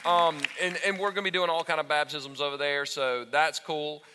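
A man in his thirties preaching a sermon to his congregation on a church stage, animated and talking straight to the crowd. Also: on the high side, normal speed, slight background noise. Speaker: pastor. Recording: echoey hall with long reverb.

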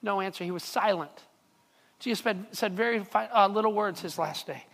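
A pastor preaching a sermon in a relaxed, conversational way, often repeating words and checking in with the listeners. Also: medium pitch, moderate pace. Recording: long reverb of a large hall.

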